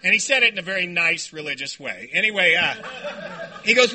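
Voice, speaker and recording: A man telling a personal story at a recovery meeting, animated and self-deprecating, often laughing. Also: high-pitched, a little fast.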